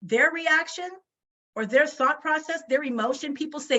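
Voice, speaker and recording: Bright, emphatic woman speaker. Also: high voice, moderate pace, muffled recording. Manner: emphatic, rhetorical questions, frequent "right?". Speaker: guest speaker. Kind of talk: motivational talk on a video call. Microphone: video call.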